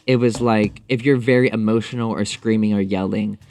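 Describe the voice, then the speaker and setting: A man's voice: fairly low pitch, fairly even intonation, darkish tone, a little hiss or hum. A man speaking as a podcast guest in a casual interview, talking thoughtfully with frequent fillers and restarts. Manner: thoughtful, halting, many fillers.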